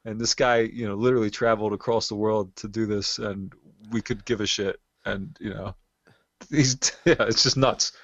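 A man's voice: on the low side, fairly even intonation, moderate pace, a bit bright, dry recording. A man in his thirties telling a long story in casual chat, rambling with many fillers. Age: 30s. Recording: dull lo-fi sound.

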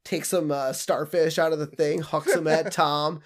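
A man's voice: a little high, steady tone, normal speed. A man co-hosting a podcast, chatting casually and enthusiastically about a cartoon episode and acting out quoted scenes. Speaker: podcast co-host.

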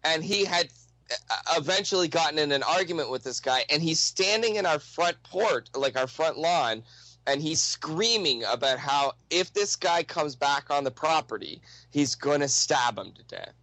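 Young man, casual storytelling, lots of swearing, bright sharp voice, slightly high pitch. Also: normal speed, no echo, low-quality recording. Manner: profane, animated anecdote telling.

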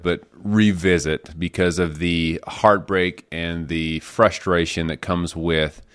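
A man co-hosts a casual podcast, speaking. His delivery is earnest and measured, and the sound is close and dry. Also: low voice, clear, resonant tone, no room sound. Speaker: podcast co-host. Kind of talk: casual chat.

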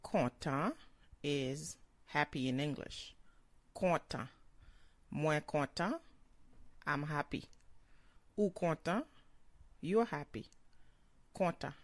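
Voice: mid-range voice, takes it slowly, long pauses, no room sound. A language teacher giving a short vocabulary lesson, saying each word several times and then translating it.

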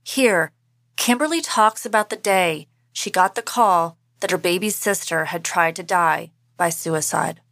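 A woman hosting a podcast, giving measured, scripted true-crime narration. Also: fairly low pitch, a bit bright, dry recording, clean studio sound.

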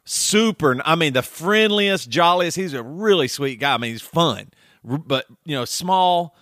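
A man's voice: on the high side, expressive, a little slow, fairly bright tone, dry recording, studio quality. A man co-hosting a podcast, telling tour stories in a loose, rambling casual chat with many restarts. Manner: rambling storyteller, restarts often. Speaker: podcast co-host.

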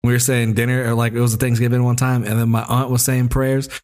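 A man's voice: mid-range voice, flat delivery, quick pace, a little mellow. A man co-hosting a podcast, chatting casually and giving short, blunt remarks. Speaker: podcast co-host. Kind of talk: casual album review chat.

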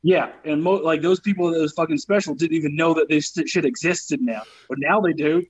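A man with a Southern US accent, a comedian guest on a podcast, telling stories in an animated, profane way. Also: a little high, fairly quick, husky, poor audio. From Southern United States. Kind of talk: casual podcast chat.

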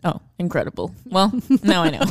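A woman's voice: on the low side, sing-song, moderate pace, dry recording, studio quality. A woman co-hosting a podcast in casual chat, playful and jokey, rambling through her points. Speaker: podcast co-host.

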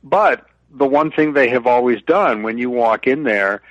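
A man's voice: medium pitch, unhurried, a bit bright, no room sound. A middle-aged man, a guest on a business radio show, talking earnestly and often repeating his first words. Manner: earnest, repeats words when starting thoughts. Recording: dull lo-fi remote line.

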